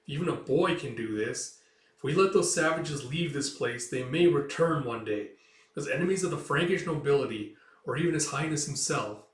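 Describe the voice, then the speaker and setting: A man voicing a greedy, self-satisfied male noble who muses calmly over a scheme. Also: fairly high pitch, moderate pace, close to an everyday voice. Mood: scheming. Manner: calm, scheming musing. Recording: roomy, distant mic.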